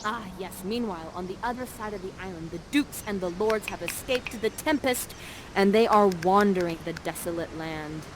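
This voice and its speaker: A woman's voice: medium pitch, moderate pace, music in the background. A woman narrating an interactive live stage show in a bubbly, playful manner while directing the audience.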